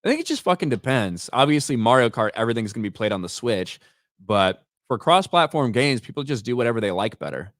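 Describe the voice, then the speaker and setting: A man's voice: mid-range voice, very animated, fast talker, a bit bright, dry recording, studio quality. A man hosting a casual podcast chat, talking bluntly and swearing freely as he reads out viewer donations. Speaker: host.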